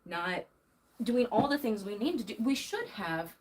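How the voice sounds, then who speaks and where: Folding laundry in her bedroom, a young streamer vents furiously on a livestream, forceful and worked up, nervous laughter cutting in now and then. She speaks at a measured pace in a medium, darkish voice that swings widely in pitch, captured on a rough recording.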